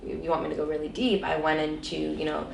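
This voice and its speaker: Woman, earnest interview guest, gravelly, slightly distant mic, faint room ambience. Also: sits low, little pitch movement, fairly quick, slight background noise. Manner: earnest, reflective, many fillers like "you know". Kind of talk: candid personal storytelling. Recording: roomy echo, voice a bit off-mic, faint background ambience.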